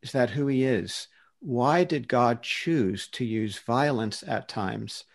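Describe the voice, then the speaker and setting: A man's voice: medium pitch, takes it slowly, gravelly. A man speaking earnestly in a casual discussion, defending a Christian view and often restarting his sentences as he searches for words.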